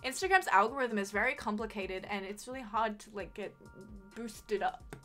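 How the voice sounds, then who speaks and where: Bright-voiced Australian woman streamer. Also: mid-range voice, moderate pace, faint music behind. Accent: Australian, mild. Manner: chatty, swears freely, reads chat aloud. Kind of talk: casual live-stream chat.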